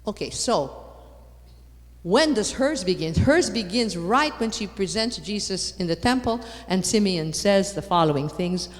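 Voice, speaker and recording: A woman giving a lively conference talk, repeating her points for emphasis and putting rhetorical questions to the audience. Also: fairly low pitch, measured pace. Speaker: conference speaker. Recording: long hall reverb.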